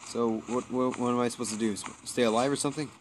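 A man giving casual let's play commentary, excitable and jumpy, swearing when startled. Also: mid-range voice, fast, slight background noise. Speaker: gameplay commentator.

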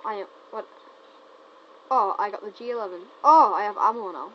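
A woman rattles off casual gameplay commentary, teasing and excitable, tripping over her own words. Her voice sits at an ordinary pitch for a woman. The recording is muffled and lo-fi, with a faint hiss underneath. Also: normal speed. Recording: dull lo-fi recording with faint noise.

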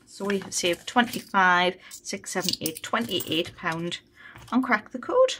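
A woman's voice: medium pitch, measured pace, noisy background. A woman chatting casually on a budgeting vlog, thinking aloud as she counts money. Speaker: budgeting vlogger. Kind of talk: casual chat while cash stuffing.

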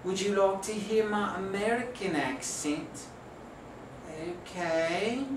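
A man hosting a homemade comedy skit, trading silly lines in slow back-and-forth banter with deadpan pauses. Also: high-pitched. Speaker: comedy show host. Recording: echoey room, voice distant from mic, faint noise.

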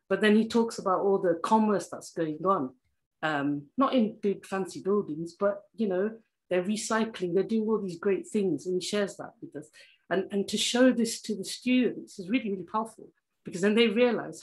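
A woman's voice: mid-range voice, normal speed, darkish tone, poor audio. A woman geography teacher answering on a discussion panel, telling classroom stories in an earnest, heartfelt way that often starts over mid-sentence. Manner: earnest, heartfelt storytelling with frequent restarts.

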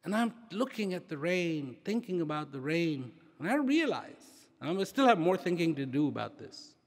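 A man giving a slow, reflective inspirational talk, repeating key phrases for emphasis and letting phrases trail off softly. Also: very animated, big-room sound. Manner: drops to soft, trailing low phrases. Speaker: speaker.

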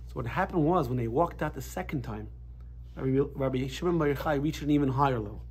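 A rabbi teaching a casual Torah class, telling stories in an animated way with frequent restarts. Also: male voice, mid-range voice, fast, husky.

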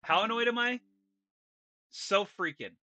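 A man's voice: sits high, a little slow, pushed and bright. A man streaming a video game, venting his frustration and cursing casually as he plays. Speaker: gaming streamer. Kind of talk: casual gameplay commentary.

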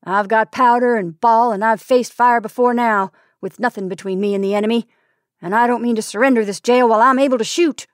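A woman voicing a stern, defiant middle-aged male sheriff who speaks loudly and firmly. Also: fairly high pitch, steady tone, no room sound, studio quality, natural voice. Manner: loud, firm, deliberate.

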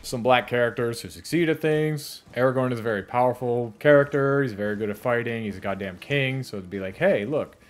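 A young man with a medium-pitched voice hosts a casual YouTube reaction chat while gaming, talking fairly quickly with few pauses. He is loose and profane, laughs often and slips into exaggerated quoted voices.

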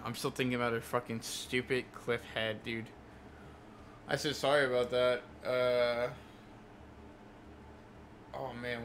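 A man's voice: medium pitch, a bit bright, slight background noise. Exasperated young man ranting about work. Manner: exasperated, profane, with many fillers. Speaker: livestreamer. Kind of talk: casual storytelling rant.

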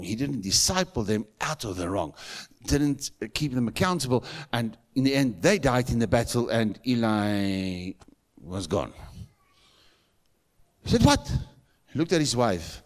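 A middle-aged man with a South African accent, preaching a sermon in a church and telling stories with emphatic, rising calls. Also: on the low side. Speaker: pastor.

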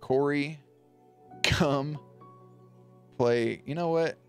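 This is casual livestream commentary on marble races from a young man who swears freely and narrates like an excited, playful sportscaster. His voice runs on the high side, he draws out his words, and faint music can be heard behind him.

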